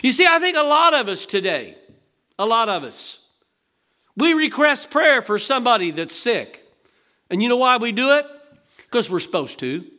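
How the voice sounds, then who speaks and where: A man's voice: very high voice, very animated, normal speed, long pauses, sharp tone. An older man preaching a sermon in a folksy, conversational way, asking the congregation rhetorical questions. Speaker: pastor.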